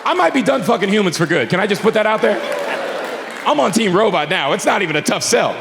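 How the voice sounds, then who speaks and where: Male stand-up comic, high lively gravelly voice, booming hall with a laughing crowd. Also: fast talker, noisy background. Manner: animated storytelling with acted quotes, growing exasperated. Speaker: stand-up comedian. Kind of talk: stand-up comedy set. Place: comedy club stage before a live audience.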